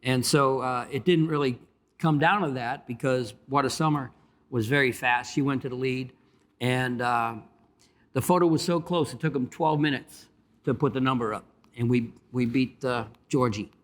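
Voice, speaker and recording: Man telling racing stories with many pauses. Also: medium pitch. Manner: storytelling with many pauses and fillers. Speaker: retired jockey, panelist. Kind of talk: anecdotal panel talk.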